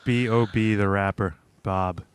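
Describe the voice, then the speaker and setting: A man's voice: on the low side, fairly even intonation, a little slow, clean tone, dry recording. A man from California on a talk show, making dry wisecracks. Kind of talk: casual chat.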